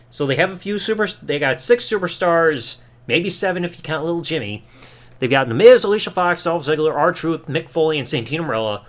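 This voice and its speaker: A man's voice: fairly high pitch, fairly bright tone. A man hosting a podcast, giving a sarcastic, casual episode review and swearing freely. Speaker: podcast host.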